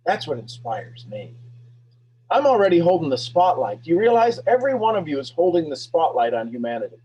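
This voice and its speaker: A man hosting a live motivational talk, energetic and preachy, repeating questions and swinging between loud bursts and hushed lines. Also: on the high side, brisk, breathy edge, highs cut off. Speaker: host of a motivational talk show.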